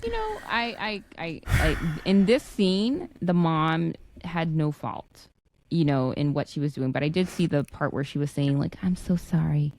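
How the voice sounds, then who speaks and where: A woman's voice: low voice, big pitch swings, measured pace, a little mellow. A woman co-hosting a podcast, chatting casually about reality TV and often backing up her co-host with short mm-hmms. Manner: affirming listener, lots of mm-hmms.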